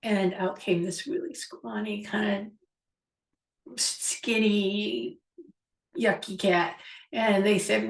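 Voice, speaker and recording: A woman's voice: medium pitch, steady tone, takes it slowly, gravelly, pauses often. A woman hosting a show, musingly retelling a childhood story with a reflective, rambling manner. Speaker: host. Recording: echoey room, far from mic.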